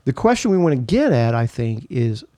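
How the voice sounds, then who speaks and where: Measured man explaining carefully. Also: medium pitch, sing-song, warm tone, dry recording. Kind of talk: casual chat.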